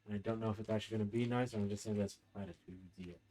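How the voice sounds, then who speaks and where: A man's voice: fairly low pitch, steady tone, very fast, mellow. A man streaming a game from home, chatting casually and rambling between bites of food. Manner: rambling, chatty, talking while eating. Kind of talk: casual live-stream chat.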